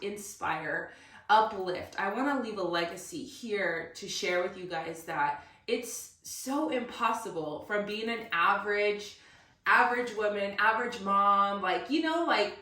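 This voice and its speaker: Casual emotional motivational host, woman, slow delivery, sits back from the mic. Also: medium pitch, sharp tone. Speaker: podcast host. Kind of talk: emotional solo podcast monologue. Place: room recorded alone. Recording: roomy echo, somewhat far from mic.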